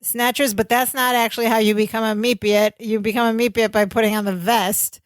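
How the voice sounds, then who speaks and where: A woman's voice: a little high, flat delivery, a little fast, no echo. A woman co-hosting a podcast, retelling a sitcom episode scene by scene in casual chat. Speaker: podcast co-host.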